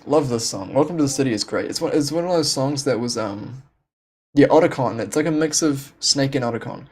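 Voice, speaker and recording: A game streamer's casual home-room chat wanders along with restarts, plenty of laughs, and self-deprecating jokes. The mid-range voice is expressive, a little fast, darkish, and slightly rough.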